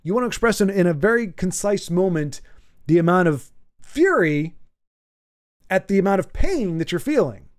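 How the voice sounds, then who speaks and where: A man from the United States hosts a laid-back stream, reading chat and thinking aloud in a rambling style with frequent word repetition. His high voice swings widely in pitch, and he speaks at a normal speed.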